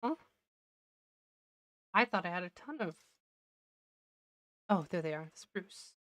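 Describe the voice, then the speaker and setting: A woman streamer chats her way through a building session, talking to herself and laughing often. Her voice sits a little low yet sounds bright and crisp, with a slight wear to it. It is captured dry and close on the mic. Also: expressive, takes it slowly, no echo. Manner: chatty self-talk, laughs often. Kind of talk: casual gameplay commentary.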